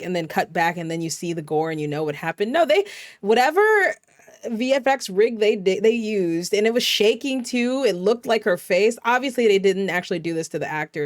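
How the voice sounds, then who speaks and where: A woman's voice: lowish voice, no echo, studio quality. Profane, chatty woman VTuber recapping a movie. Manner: profane, animated storytelling with many fillers. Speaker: VTuber host. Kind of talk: casual movie recap vlog.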